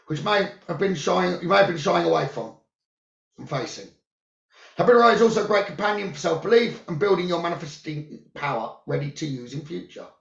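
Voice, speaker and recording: A man who works as a psychic medium, giving calm, soothing spiritual guidance about the new moon, crystals and journaling. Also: high-pitched, vocal fry. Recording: roomy, dull lo-fi sound.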